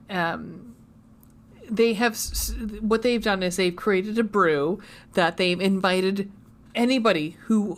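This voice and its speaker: A woman co-hosting a book club podcast, talking casually with many fillers and pauses, emotional and close to tears. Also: fairly low pitch. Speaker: podcast co-host. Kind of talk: casual chat.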